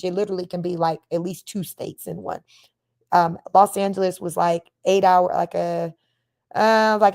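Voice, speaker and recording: A middle-aged woman from Northern California with a Bay Area accent and a slight Southern twang, chatting casually to a livestream and telling stories with frequent laughter. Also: lowish voice. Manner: animated storytelling, laughs often, reads chat comments aloud. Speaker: livestream host.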